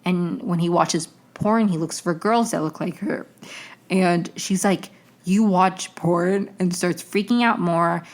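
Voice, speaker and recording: A woman's voice: fairly low pitch, a little slow, a little mellow. A young woman hosting a podcast, recapping a TV episode in a rambling, chatty way full of tangents and self-corrections. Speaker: podcast host.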